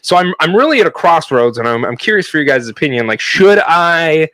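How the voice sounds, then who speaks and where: A man co-hosting a podcast, telling a long story in a casual, animated way, with frequent swearing and fillers. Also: a little high, a little fast, dry recording. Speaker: podcast co-host.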